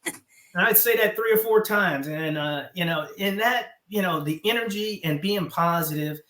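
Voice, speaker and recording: A man with a Southern American accent, a guest chatting about his years in command, talking haltingly with many fillers and restarts. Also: high voice, bright, forceful tone. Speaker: guest, former squadron commander. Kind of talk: casual interview chat. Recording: roomy echo.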